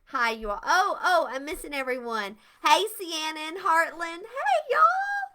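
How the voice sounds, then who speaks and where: Older lady hosting a kids' etiquette stream, high bright voice, slow and gushy. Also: animated. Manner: bubbly, effusive greetings to viewers. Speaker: etiquette show host. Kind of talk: live-stream lesson for kids.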